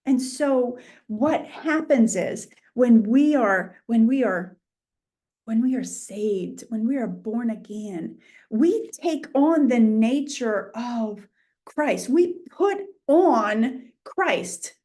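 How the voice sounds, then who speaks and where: A middle-aged woman with a New England accent, teaching an informal Bible lesson in an animated way and acting out imagined voices. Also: fairly high pitch, takes it slowly.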